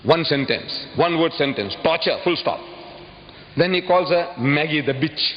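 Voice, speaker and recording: A man giving an impassioned public lecture, emphatic and full of rhetorical questions, his voice leaping into sudden high bursts. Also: a little slow. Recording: dull old recording, long hall reverb, faint hiss.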